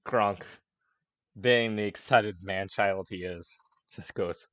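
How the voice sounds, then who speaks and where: A young man runs a tabletop session with a fairly low voice, chatting loosely and laughing as he narrates. The sound is dry and close, with no room around it. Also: takes it slowly, fairly bright tone, dry recording. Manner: casual, laughing, lots of fillers and swearing. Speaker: game master.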